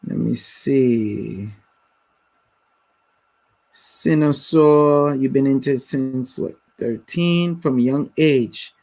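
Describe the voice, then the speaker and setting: A man's voice: medium pitch, extremely slow, vocal fry, dark tone. Blunt slangy man hosting a livestream. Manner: blunt, slangy, talks to viewers. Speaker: livestream host. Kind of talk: casual live-stream commentary.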